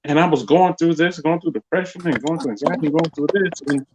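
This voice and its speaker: A man hosting a casual podcast chat, telling a wild story with lively jumps in his voice when he quotes people. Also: fairly quick, dull audio, noisy background. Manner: animated storyteller, jumps high when quoting others. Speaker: podcast host.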